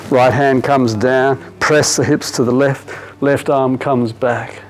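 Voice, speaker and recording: A man with an Australian accent teaching a yoga class, giving calm step-by-step cues with casual asides. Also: medium pitch, slow. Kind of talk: guided yoga class instruction. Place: yoga studio.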